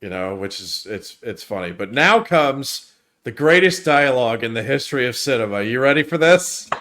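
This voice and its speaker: A man's voice: medium pitch, lively intonation, moderate pace, a bit bright. A man reviewing a movie with friends in casual chat, eagerly retelling the scene and laughing often.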